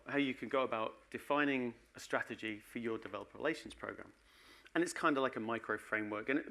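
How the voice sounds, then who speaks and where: A man's voice: medium pitch, fairly bright tone. A man giving a conference talk in a chatty, joking way, often restarting his sentences. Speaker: conference speaker. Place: conference hall.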